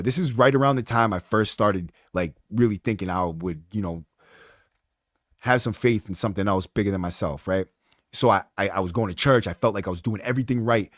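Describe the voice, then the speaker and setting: A man, hosting a podcast, telling his own story in a casual, profane, animated way. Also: mid-range voice, no room sound, clean studio sound. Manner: animated, profane, rising to heated outbursts. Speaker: podcast host.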